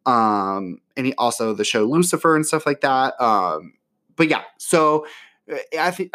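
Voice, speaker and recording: A man's voice: medium pitch, a bit bright. Chatty, profane man hosting a podcast. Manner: chatty, profane, many fillers. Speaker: podcast host. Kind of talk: casual solo chat. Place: home near an airport.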